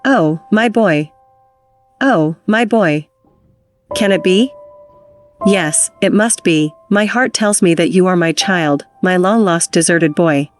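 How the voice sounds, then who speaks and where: A woman's voice: fairly low pitch, measured pace, natural voice. A woman reading a tender, tearful mother. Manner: tender, emotional. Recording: reading with music underneath.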